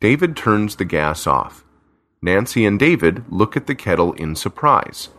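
A man narrating a simple storybook tale in a clear, deliberate way. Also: lowish voice, sing-song, fairly bright tone. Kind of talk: slow graded-reader story narration.

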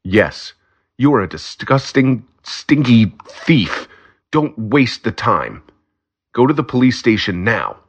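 A man voicing a nervous, indignant male detective who shouts in a high, strained voice. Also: very animated, slow pace, slightly rough, exaggerated voice.

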